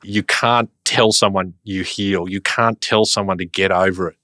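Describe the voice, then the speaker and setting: A man's voice: deep voice, steady tone, moderate pace, no echo, clean studio sound. A man, a podcast guest talking earnestly and reflectively about family and healing. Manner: earnest, reflective, warms up when recalling family moments. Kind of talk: conversational storytelling.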